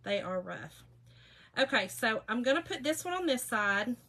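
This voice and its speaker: A woman's voice: a little high, big pitch swings, normal speed, sharp tone, rough recording. A middle-aged woman, hosting a casual craft livestream in a folksy, chatty way and greeting viewers by name.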